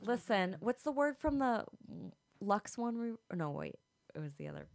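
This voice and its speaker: A woman's voice: medium pitch, wildly swooping pitch, normal speed, vocal fry. A woman podcast co-host reads her own steamy romance story aloud, slipping into whispers, then chats casually and laughs a lot. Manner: dramatic reading, dropping to a whisper, laughing often.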